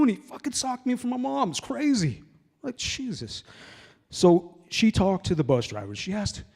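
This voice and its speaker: The room is a large hall at a sober open mic night, where a man in his forties rambles through a loose, freely sworn stand-up set. His high voice has a sing-song lilt at normal speed.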